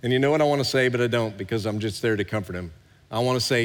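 A middle-aged pastor preaching a sermon, swinging between hushed and loud, recorded in a large church hall. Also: male voice, medium pitch, racing. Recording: long hall reverb.

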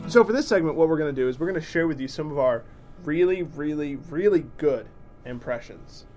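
A man's voice: on the high side, a little fast, darkish tone, faint music behind. A man co-hosting a casual chat show, teasing and chatty. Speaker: podcast co-host.

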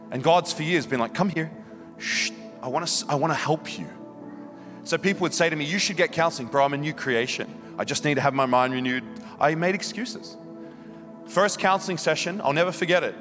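Impassioned man preaching in a reverberant hall. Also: on the high side. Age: 30s. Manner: impassioned, confessional, swings from quiet to loud. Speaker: guest preacher. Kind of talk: sermon. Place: church hall.

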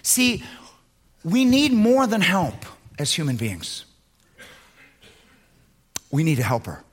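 A man preaching a sermon as pastor, swinging between loud emphatic lines and low, quiet asides. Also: huge pitch swings, slow pace, husky.

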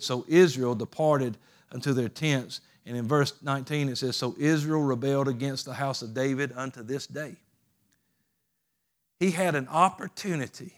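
A man's voice: medium pitch, normal speed. A man preaching a sermon as pastor, plainspoken and folksy, raising his voice for emphatic calls to the congregation.

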